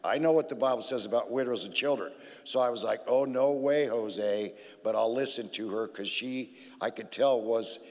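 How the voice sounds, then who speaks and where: A man's voice: medium pitch, fairly quick, big-room sound. A man giving a personal testimony on a church stage, blunt and joking as he tells his side. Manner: blunt, joking, interjects into her story. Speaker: guest speaker telling his story.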